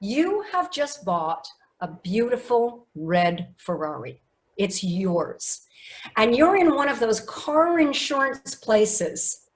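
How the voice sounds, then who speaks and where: Slow-paced woman coaching over a video call. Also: fairly high pitch. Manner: lively, coaxing and emphatic, reads chat replies aloud. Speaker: public speaking coach. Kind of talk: online workshop teaching.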